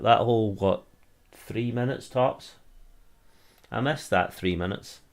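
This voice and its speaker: A man's voice: fairly low pitch, vocal fry. A Scottish man streaming a football watch-along, mixing casual play-by-play with grumbling about the refereeing. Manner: grumbling, mixes complaints with quick play-by-play. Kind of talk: casual live match commentary.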